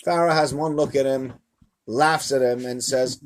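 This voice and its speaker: A rabbi teaches a live-streamed Torah lesson to a small audience in a room, telling it in an animated, chatty storytelling way. His voice is medium-pitched at a moderate pace, picked up by a camera mic.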